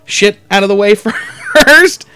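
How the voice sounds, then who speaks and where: Profane, high-voiced male podcast host. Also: expressive, slow pace, bright, forceful tone, slight background noise. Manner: profane, rambling, acts out quotes in exaggerated voices. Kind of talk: crude comedic storytelling.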